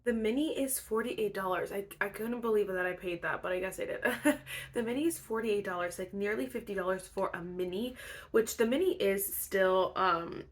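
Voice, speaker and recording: A woman's voice: medium pitch, normal speed. A young woman chatting casually as a beauty vlogger, bubbly and full of fillers, sounding a bit stuffy and congested. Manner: bubbly, chatty, filler-heavy with frequent laughs. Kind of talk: casual chat.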